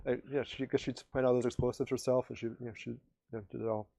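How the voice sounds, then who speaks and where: A man's voice: medium pitch, little pitch movement, quick pace, vocal fry, dark tone, no room sound. A man recapping TV episodes on a podcast in a casual, rambling way, with many restarts and fillers. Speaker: podcast co-host.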